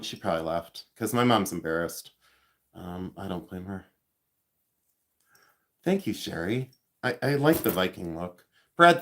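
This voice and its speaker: A man's voice: on the low side, fairly bright tone. Rambling self-mocking man in his fifties. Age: 50s. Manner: rambling and self-mocking, reads out viewer comments. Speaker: livestream host. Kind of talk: casual livestream chat.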